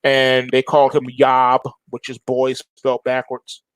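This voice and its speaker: A man's voice: mid-range voice, monotone, unhurried, clear, resonant tone, no room sound. A middle-aged man hosting a trading show, giving emphatic, repetitive chart commentary straight to his viewers. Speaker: trading analyst host.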